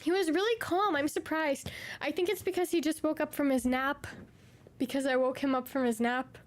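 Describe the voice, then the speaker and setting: A woman's voice: high voice, fairly even intonation, moderate pace. A woman streamer chatting casually with viewers from her room at home, gushing and doting, slipping into baby talk.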